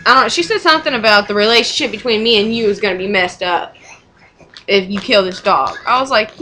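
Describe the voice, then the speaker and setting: A young mother with a drawl rambles through a personal story in casual, frank chat. Her voice is bright and forward at a middle pitch. A faint hiss sits under the recording. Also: fast talker, low-quality recording. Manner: rambling and frank, with swearing and short laughs.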